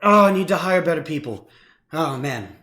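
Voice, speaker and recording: A man voicing a harried male commander who is shouting orders at workers repairing a city wall. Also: medium pitch, expressive, fairly quick, close to an everyday voice. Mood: exasperated.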